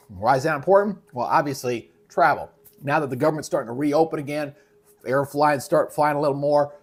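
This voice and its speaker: A male meteorologist hosts a casual, conversational live weather briefing in a voice on the high side. A frog in his throat keeps making him clear it.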